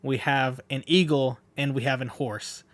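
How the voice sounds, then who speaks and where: A man's voice: mid-range voice, fairly even intonation, a little slow, fairly bright tone. A man reading a manga aloud and chatting about the pages, correcting himself and laughing at his slips. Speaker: manga reader. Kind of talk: casual manga read-along with commentary.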